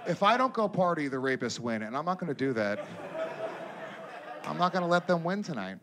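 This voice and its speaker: A man performing a stand-up comedy set on stage, telling a crude story in an animated way and breaking into loud impressions. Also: a little high, brisk, long pauses, crowd noise, noisy background. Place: comedy stage before a live audience.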